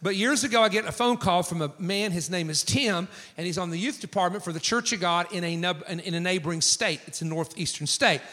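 A man's voice: high-pitched, brisk, hardly any pauses. A man preaching a sermon, telling stories with acted-out quotes. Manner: animated storytelling with acted quotes. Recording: long hall reverb.

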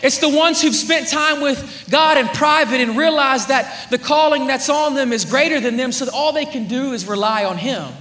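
A young man preaching, telling a story with animated swings from loud to hushed. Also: very high-pitched, normal speed, hardly any pauses. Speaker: youth preacher. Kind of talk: sermon with storytelling. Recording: echoey room, faint ambience.

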